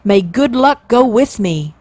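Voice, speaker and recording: A woman in her sixties voicing a dignified old male swan who speaks in a formal, high-minded way. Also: animated, measured pace, darkish tone, no room sound. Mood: resolute. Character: dignified old male trumpeter swan, noble and law-abiding.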